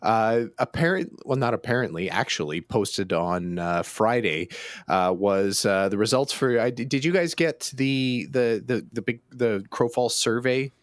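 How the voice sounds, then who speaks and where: A man's voice: mid-range voice, unhurried, no room sound. A Canadian man co-hosting a casual gaming podcast, talking with lots of restarts and fillers. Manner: hesitant, many restarts and fillers. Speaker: podcast co-host. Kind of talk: casual chat.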